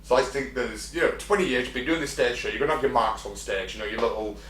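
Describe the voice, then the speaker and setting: A man co-hosts a casual podcast chat in a fast, mid-range, slightly bright voice, swearing, laughing, and acting out animal voices. The recording has an echoey room and a faint hum.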